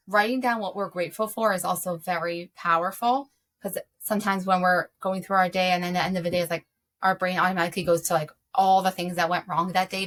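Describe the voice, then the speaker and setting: A woman's voice: fairly low pitch, fairly bright tone. A woman speaking as a guest, explaining self-regulation for parents in an earnest, conversational way with frequent ums. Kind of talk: conversational advice.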